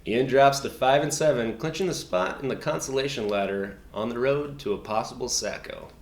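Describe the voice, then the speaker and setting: A man's voice: medium pitch, moderate pace. A man co-hosting a mock news recap of a fantasy league, trading playful, teasing banter. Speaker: guest co-host. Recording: roomy echo.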